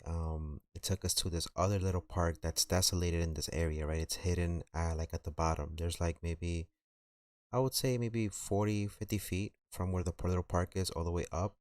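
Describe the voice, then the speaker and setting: A man's voice: low-pitched, darkish tone, dry recording, studio quality. A man telling a story on a live stream in a rambling, slangy way, full of fillers.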